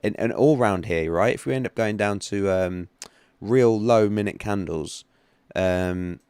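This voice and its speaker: Low-voiced man, rambling stream host. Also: measured pace, darkish tone, clear, resonant tone, dry recording, studio quality. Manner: rambling, chatty, many restarts and fillers. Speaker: livestream host, trading analyst. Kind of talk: casual livestream chat.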